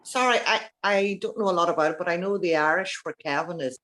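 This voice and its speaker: A woman with a low, deep voice speaking up from the audience. She is tentative and apologetic, offering what she knows with some hesitation. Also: quick pace, fairly bright tone. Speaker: audience member.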